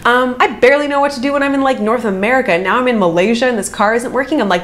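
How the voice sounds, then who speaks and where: A woman's voice: fast, few pauses. Chatty woman telling a story. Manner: animated, chatty, acts out quotes with big pitch jumps. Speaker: vlogger. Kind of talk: casual storytime chat.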